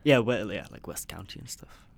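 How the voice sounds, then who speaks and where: A man's voice: lowish voice, lively intonation, moderate pace, creaky, no room sound. A young man from Sweden, a podcast guest in a laid-back casual chat, giving short, easygoing replies.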